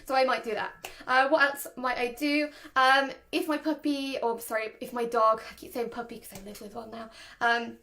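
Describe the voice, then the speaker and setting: A young woman explains handling a nervous dog in an easygoing, talkative way. Her voice sits high and bright in pitch, and she laughs easily between points. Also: fairly even intonation, normal speed, gravelly. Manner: chatty, laughs often, demonstrates voices. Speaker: dog trainer. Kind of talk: casual explanatory talk to camera.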